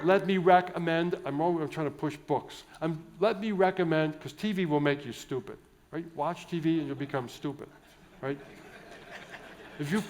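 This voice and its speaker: A man, a Catholic priest from the United States, giving a jovial, digressive conference keynote full of restarts and asides. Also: a little high. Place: large indoor conference hall.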